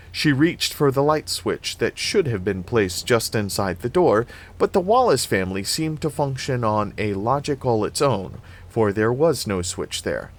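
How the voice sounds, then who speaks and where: Casting: man, low voice, steady horror novel narrator. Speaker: reader. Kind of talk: dramatic horror novel reading.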